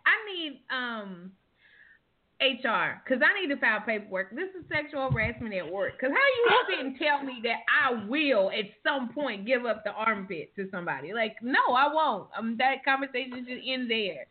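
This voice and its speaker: A woman's voice: on the high side, sing-song, normal speed. A woman co-hosting a casual talk show, emphatic and indignant in protest. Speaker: co-host. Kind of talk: casual chat. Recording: tinny phone-like sound.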